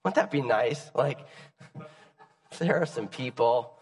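A young man preaching a sermon on a church stage, his voice raspy and hoarse from a cold. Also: mid-range voice, expressive, takes it slowly. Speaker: pastor. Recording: long church hall reverb.

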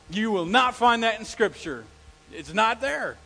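A middle-aged male pastor preaching a sermon, telling stories and acting out the quotes with lively energy. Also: high-pitched, unhurried, vocal fry, rough recording. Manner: animated storytelling with acted-out quotes.

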